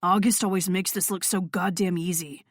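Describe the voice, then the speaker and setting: A woman voicing a brooding, sarcastic male rock star with a gruff, scoffing manner in an audiobook. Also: on the low side, fairly even intonation, moderate pace, no room sound, studio quality. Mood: frustrated. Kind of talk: audiobook character voice.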